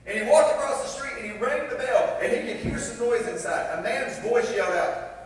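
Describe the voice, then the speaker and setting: A man's voice: very high voice, a little fast, few pauses. A man preaching a sermon, telling a story with acted-out voices and laughing at himself. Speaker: pastor. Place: large church sanctuary. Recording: echoey hall from far off.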